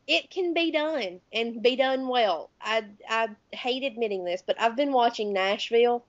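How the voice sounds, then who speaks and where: A woman's voice: on the high side, dry recording, muffled recording. A woman of around thirty with a Southern US accent, co-hosting a podcast in casual, chatty conversation. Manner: chatty, talks louder and faster when excited. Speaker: podcast co-host. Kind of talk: casual chat.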